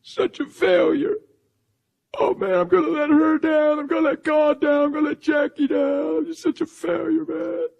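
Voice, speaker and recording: A man's voice: flat delivery, moderate pace, gravelly, dull audio. A man doing a wailing, sobbing young man. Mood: despairing. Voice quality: high strained wail. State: crying.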